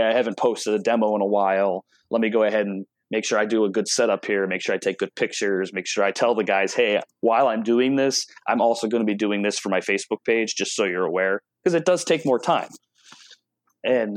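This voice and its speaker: A man's voice: fairly low pitch, no room sound. Casual male guest, chatty storyteller who acts out quotes, dry close sound. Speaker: automotive product rep and guest. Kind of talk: casual interview talk.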